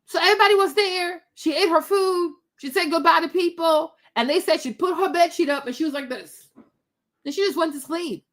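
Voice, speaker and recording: A middle-aged woman with a high voice tells a personal story straight to her viewers. She talks in a chatty, animated way, full of asides and quick turns back to her listeners. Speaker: host.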